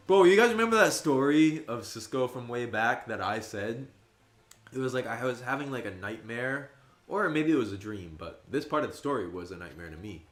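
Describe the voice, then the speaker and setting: Animated young man chatting on stream, roomy sound. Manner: animated, jumps high and loud when quoting friends. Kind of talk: casual livestream chat. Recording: roomy echo.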